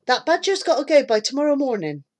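A stern, older farm wife, as a woman reading a storybook puts her on, speaks firmly and matter-of-factly. Her voice sits fairly high and moves a good deal in pitch. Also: big pitch swings, fast, darkish tone. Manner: firm, matter-of-fact.

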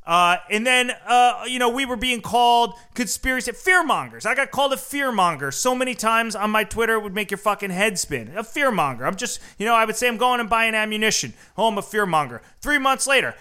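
Heated, profane man with a bright high voice. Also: expressive, clean tone. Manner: profane, heated, fast-talking, lots of fillers. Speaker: podcast host. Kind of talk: casual conversational rant.

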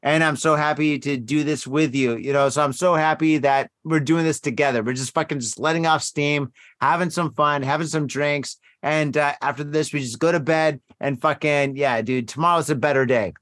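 Brief: higher-voiced man, dry close sound, foul-mouthed casual podcast host who rambles. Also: fairly even intonation, moderate pace, few pauses, a bit bright, no echo. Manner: heavily profane, rambling and emphatic. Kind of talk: casual drinking podcast chat.

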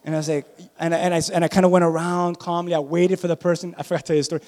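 A man preaching a sermon as pastor, animated, telling personal stories and calling out to his congregation. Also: a little high, very fast. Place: church sanctuary. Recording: long reverb of a large church hall.

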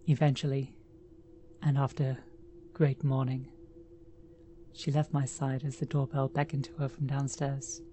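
A woman narrating a first-person horror story in a measured, dramatic reading. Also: very deep voice, little pitch movement, warm tone, a little hiss or hum.

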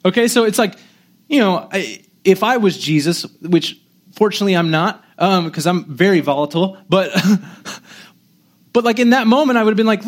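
A man preaching a sermon in a conversational, animated way, poking fun at himself and often restarting sentences. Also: high voice, moderate pace. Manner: conversational, animated, self-deprecating, with frequent restarts. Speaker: pastor.

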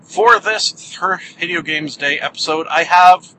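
A man's voice: high-pitched, measured pace, sharp tone, poor audio. A man hosting a podcast alone, talking casually and joking wryly at his own expense while driving. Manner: wry, joking, self-mocking. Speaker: podcast host. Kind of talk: casual solo podcast monologue. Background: car engine and road hum.

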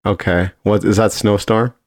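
A man's voice: lowish voice, fairly even intonation, moderate pace, a little mellow. A man co-hosting a podcast in casual chat, with a dry, teasing, laconic manner. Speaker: podcast co-host.

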